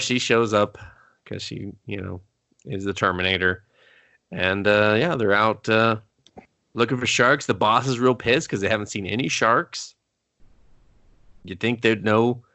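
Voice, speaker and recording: A man co-hosting a casual movie review podcast, talking in an animated way, swearing freely and laughing often. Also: on the low side, no room sound. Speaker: podcast co-host.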